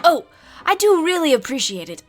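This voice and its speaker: A woman voicing a flustered male dwarf potion maker who shouts at customers. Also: sits high, very animated, normal speed, faint music behind, pitched above the performer's own voice. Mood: grateful. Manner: shouting, exasperated.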